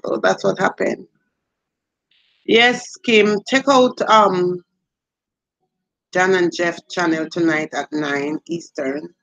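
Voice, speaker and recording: A middle-aged Jamaican woman hosting a casual livestream. She talks in a relaxed, chatty way, reading out viewer comments and answering them between stories. Her Jamaican accent runs through everything she says. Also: fairly low pitch, takes it slowly, gravelly, long pauses, echoey room, poor audio. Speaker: livestream host.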